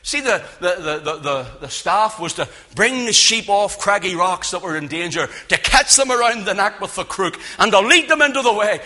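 A man preaching a sermon in a church, with a loud, carrying voice that swings from emphatic peaks to low, hushed lines. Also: expressive, normal speed, hardly any pauses. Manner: impassioned, rising to loud emphatic peaks then dropping low. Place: church with speakers.

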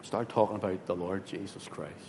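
A man, a pastor telling a story in a sermon, swinging from loud, excited bursts to hushed tones. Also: a little fast. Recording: hall reverb with faint rumble.

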